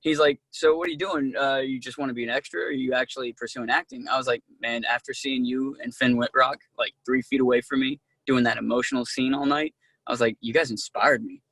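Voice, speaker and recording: A man being interviewed as an actor, telling casual, animated stories and acting out what people said, with many fillers. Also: medium pitch, brisk, slightly rough, no room sound. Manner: animated, acts out quoted dialogue, many "like"s. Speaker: actor guest.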